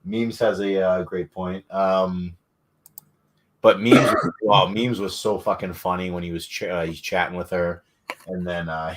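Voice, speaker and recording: A man's voice: low-pitched, fairly even intonation, moderate pace. A man co-hosting a podcast, telling stories in a laid-back way with lots of fillers. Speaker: podcast co-host. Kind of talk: casual chat.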